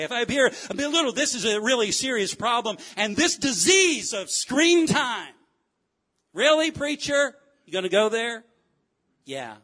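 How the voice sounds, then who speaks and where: Fervent, high-pitched preacher man. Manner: swings from loud fervent cries to low quiet asides. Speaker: pastor. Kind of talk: sermon. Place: church sanctuary.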